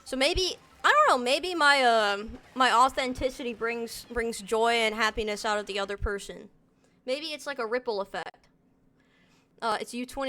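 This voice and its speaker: Bright, slangy young woman streamer. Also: a little high. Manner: rambling and slangy, heavy use of "like" and "dude". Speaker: game streamer. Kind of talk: casual live-stream chat while gaming.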